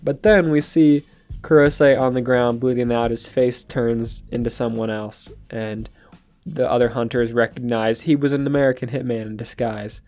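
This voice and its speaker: A man talks through a comic recap in an easygoing, chatty way, laughing often and swearing freely. His voice sits in a middle range. Soft guitar music plays faintly behind him. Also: mid-range voice, fairly even intonation, normal speed. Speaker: manga reviewer. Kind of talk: casual retelling of a comic.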